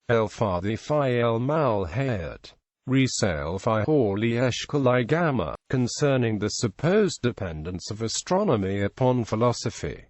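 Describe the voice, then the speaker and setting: A man reading an encyclopedia article aloud in a flat, evenly paced way, stumbling through foreign names. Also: on the low side, dry recording.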